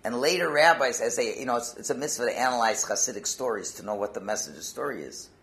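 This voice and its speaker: In a Torah talk, a man with a mid-range voice recounts a Hasidic story at a quick pace. The rabbi mixes in Yiddish and Hebrew terms while his volume rises and falls from hushed to loud.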